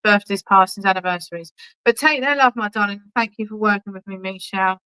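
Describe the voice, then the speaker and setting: This spiritualist medium talks quickly in a mid-range voice that's pushed and bright yet clean, captured on a low-quality recording. Giving clairvoyant readings at an online church service, she's chatty, reassuring and affectionate, checking in with "okay?" and calling people darling.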